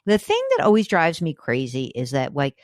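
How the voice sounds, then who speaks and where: A woman with a low voice hosts a call-in show, chatty and emphatic. Her pitch swings widely, leaping up when something excites her. The studio sound is dry and close. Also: normal speed, no echo. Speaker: radio and podcast host. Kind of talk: casual call-in advice show.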